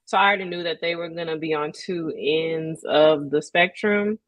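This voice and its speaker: A woman author talking about her writing in a relaxed, easygoing manner as a guest. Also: deep voice, moderate pace, no echo, poor audio. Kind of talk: casual interview.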